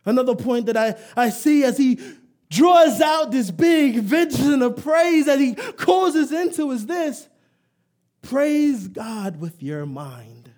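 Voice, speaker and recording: Preaching live in a remarkably high voice, this man is emphatic, builds into shouts, and draws the congregation into call and response while tossing in playful asides. His delivery is expressive and slow.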